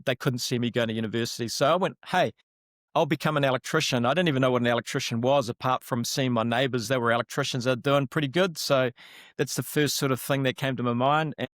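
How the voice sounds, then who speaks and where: A middle-aged man with a New Zealand accent, a relaxed, self-deprecating interview guest who laughs easily. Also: medium pitch, dry recording, clean studio sound. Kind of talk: casual interview talk.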